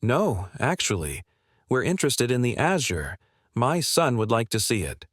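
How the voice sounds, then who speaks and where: A male narrator reading the lines of a calm, gentle mother pleading for her ill son. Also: mid-range voice, moderate pace, husky, no echo, clean studio sound. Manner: calm and polite.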